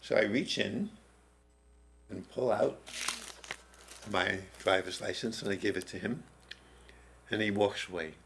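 An older man with a fairly low voice tells a personal story in a TV studio interview. He speaks slowly and reflectively, pausing and restarting as he remembers. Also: gravelly, fairly bright tone, a little hiss or hum. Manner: slow, halting, with pauses and restarts. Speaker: interview guest, former prison teacher.

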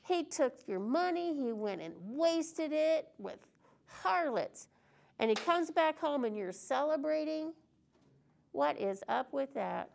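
A woman's voice: high-pitched, animated, slow pace, gravelly, darkish tone, a little hiss or hum, voice pushed up, heavily acted. A woman voicing a bitter, self-righteous older brother, complaining indignantly to his father in a sermon retelling.

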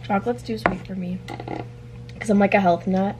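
A woman's voice: medium pitch, fairly even intonation, normal speed, heavy background noise. A young woman co-hosting a casual eating vlog, laid-back and teasing. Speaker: co-host. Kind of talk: casual mukbang chat while eating.

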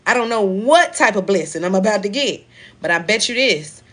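Hosting a tarot-style reading on a live stream, this woman talks at normal speed in a medium-pitched, fairly bright voice with lively intonation. Her delivery is emphatic and preachy, full of repetition and African American Vernacular phrasing.

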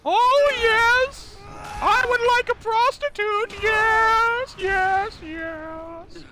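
A man's voice: very high voice, pushed and bright, a little hiss or hum, pitched above the performer's own voice, full character voice. A man doing an impression of a pompous older male wrestling boss, drawing out his words. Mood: leering. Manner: drawn-out, breathy "oh yes" delivery.

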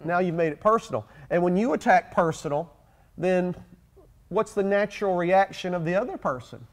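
A man's voice: high-pitched, moderate pace. A man co-hosting a talk on marriage as a pastor, speaking emphatically and repeating phrases for stress. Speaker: pastor and show co-host. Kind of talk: casual teaching talk on marriage.

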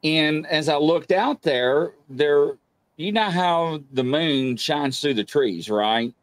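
A man's voice: on the high side, slow pace, no room sound. A middle-aged man, casually telling a ghost story and acting out the voices. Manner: animated, acts out quotes loudly. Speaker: guest telling paranormal experiences.

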